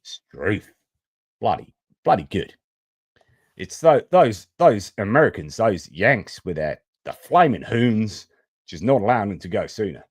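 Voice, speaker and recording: A man's voice: lowish voice, very animated, fast, few pauses, a little mellow, slightly rough, no room sound, studio quality. A man putting on a blustery mock-Australian bloke, full of exaggerated slang.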